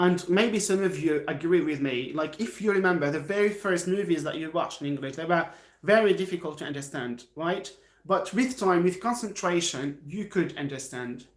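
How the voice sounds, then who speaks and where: Giving a live-stream English lesson from his home, an Algerian teacher speaks non-native English with an Algerian accent; his first language is Algerian Arabic. He is encouraging and repetitive and replies to chat. His voice runs on the high side, and the sound is reverberant.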